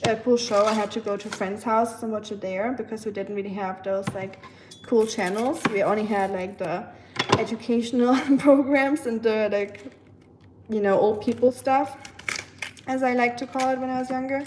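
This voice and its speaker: A woman's voice: medium pitch, a little mellow. Woman, German accent, casual rambling chat, self-teasing, noisy background, kitchen chopping. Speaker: livestream host. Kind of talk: casual chat with live viewers.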